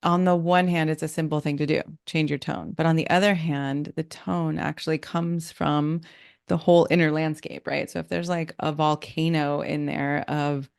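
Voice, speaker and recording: A woman's voice: low-pitched, level tone, normal speed, vocal fry, a little mellow, smooth, no room sound, clean studio sound. A woman hosting a podcast, affirming her guest and reflecting thoughtfully on what he says. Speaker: podcast host, love coach. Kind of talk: casual interview chat.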